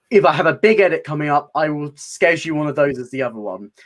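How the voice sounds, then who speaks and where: A man, a guest in a casual theatre chat, playful and quick to laugh. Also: on the high side. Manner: laughs often, lively and playful.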